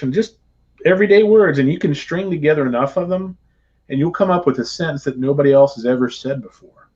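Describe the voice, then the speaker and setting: A man with a husky voice co-hosting a casual podcast, talking about comics in a relaxed, reflective way. He is agreeable with his co-host. The recording sounds dull and muffled. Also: medium pitch. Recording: dull lo-fi audio.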